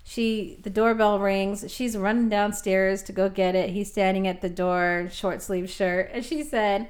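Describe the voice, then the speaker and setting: A woman co-hosting a casual podcast, telling a story with lively asides and little acted-out voices. She talks in an easy, conversational way, sitting at a mid pitch. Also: measured pace, few pauses. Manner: animated storyteller, acts out voices. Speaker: podcast co-host. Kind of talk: casual chat.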